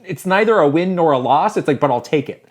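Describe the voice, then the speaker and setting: A man co-hosting a podcast, talking quickly and casually and acting out quotes. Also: a little high, lively intonation. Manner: quick, conversational, acts out quotes. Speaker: podcast co-host. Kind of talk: casual chat.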